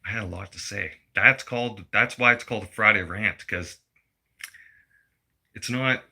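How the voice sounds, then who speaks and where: A man's voice: fairly low pitch, unhurried, gravelly, bright, forceful tone. A man, delivering a blunt, heated political rant full of swearing. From Canada. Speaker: vlogger.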